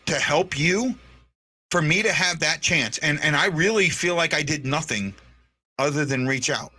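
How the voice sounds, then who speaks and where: A man hosts his own show in an earnest, unscripted monologue, and his voice comes across bright and tense. He stumbles through restarts and repeats his words while he holds back tears. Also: a little high, breathy edge. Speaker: podcast host.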